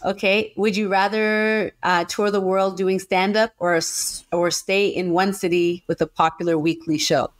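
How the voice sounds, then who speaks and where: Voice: mid-range voice, little pitch movement, a little slow, few pauses, dry recording. Podcast host asking would-you-rathers, upbeat, super dry sound. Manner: enthusiastic, reacts with laughs. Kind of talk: casual interview.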